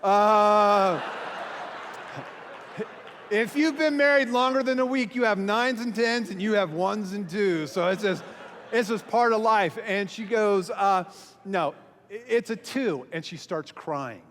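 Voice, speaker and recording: Man preaching, lively self-mocking storyteller, fairly high voice, long hall echo. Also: moderate pace, a little hiss or hum. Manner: animated and self-mocking, acting out quoted voices. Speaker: pastor and small group speaker. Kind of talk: storytelling talk to a church audience. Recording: long hall reverb from a live venue.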